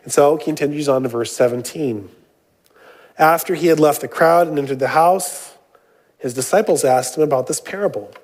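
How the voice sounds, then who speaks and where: A pastor reads scripture aloud during a sermon, then explains it casually, mixing in jokes and frequent "uh" and "um" fillers. His voice is a little high and a little mellow, at a normal speed.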